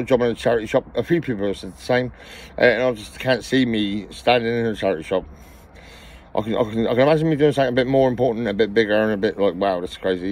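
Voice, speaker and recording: Middle-aged man, out of breath, rapid swearing ramble, personal vlog. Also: on the low side, darkish tone. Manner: rambling, swears constantly, repeats himself. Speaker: vlogger.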